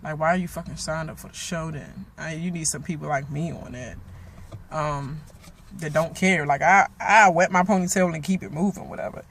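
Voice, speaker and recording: A man, giving a profane, animated recap of a reality show episode while still angry. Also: a little high, moderate pace, gravelly, slight background noise. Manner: animated, swearing, trails off into asides. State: angry and worked up. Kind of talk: casual profane recap rant.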